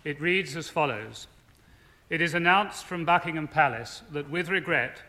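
A man in parliament reading out an official statement in a measured, solemn way. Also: on the high side, sharp tone. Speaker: government speaker in parliament.

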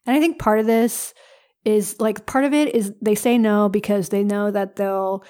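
A woman's voice: medium pitch, steady tone, moderate pace, dark tone. Wry, blunt woman, close on the mic. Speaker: podcast co-host. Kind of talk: casual chat. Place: a different room than usual.

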